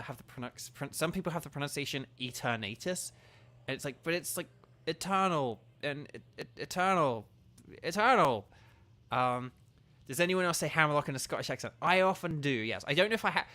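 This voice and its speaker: A man's voice: a little high, sharp tone. Enthusiastic man streaming a game. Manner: enthusiastic, rambling, lots of "like". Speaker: gaming streamer and voice actor. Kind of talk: casual gameplay commentary.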